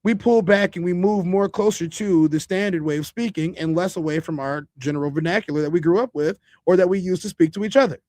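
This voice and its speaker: High-voiced Chicago man hosting a podcast. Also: brisk, few pauses, a little mellow, dry recording. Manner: conversational, loose, restarts. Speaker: podcast host. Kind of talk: casual monologue.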